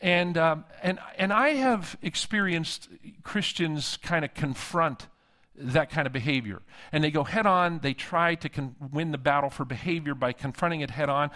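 A man preaching a sermon at a conference, telling a story with lively acted-out dialogue. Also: a little high, moderate pace. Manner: animated storytelling, acting out dialogue. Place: conference hall.

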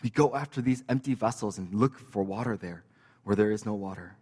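A man's voice: fairly low pitch, fairly quick, a little mellow, husky, long reverb tail. A man preaching a sermon as pastor, conversational and joking, with casual fillers and asides.

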